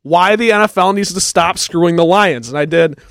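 Fired-up young fan ranting about sports. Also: male voice, high voice, creaky, a bit bright, no room sound. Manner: passionate, quick reactions, rants. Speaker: co-host. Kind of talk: casual sports chat.

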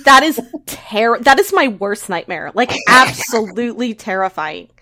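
A woman co-hosting a podcast, reacting to a story with quick remarks and laughter. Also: on the high side, expressive, pushed and bright, no echo, clean studio sound. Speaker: podcast co-host. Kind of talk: casual chat.

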